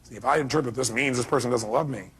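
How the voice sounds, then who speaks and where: A man's voice: mid-range voice, fast, fairly bright tone, a little hiss or hum. A middle-aged man giving a motivational seminar talk, emphatic and quizzing the audience with questions. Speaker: motivational speaker.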